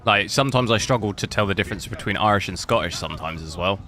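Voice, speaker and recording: A man's voice: on the low side, fast, sharp tone, soft background music. A man from South Africa livestreaming a game, rambling casually as he answers chat messages. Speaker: gaming livestreamer. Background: game audio.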